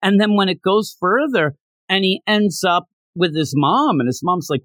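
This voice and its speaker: A man co-hosting a podcast, chatting casually about a manga chapter and acting out characters' lines in quick voices. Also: sits high, a bit bright, no echo. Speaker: podcast co-host.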